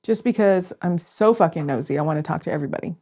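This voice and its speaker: A woman's voice: on the low side, expressive, fast talker, warm tone. A woman co-hosting a casual podcast, telling stories with lots of swearing and laughter. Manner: profane, laughing storyteller. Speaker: podcast co-host.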